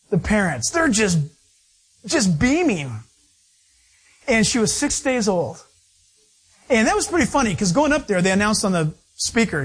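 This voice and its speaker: High-voiced husky man preaching with stories. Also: moderate pace. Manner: storytelling, animated, playful asides. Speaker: pastor. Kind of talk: sermon.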